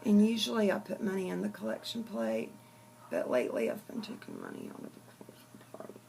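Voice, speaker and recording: A woman's voice: fairly low pitch, wildly swooping pitch, fairly quick, vocal fry, mellow, slight background noise, exaggerated voice, rough recording. A woman voicing a sheepish man confessing in church, hesitant in delivery.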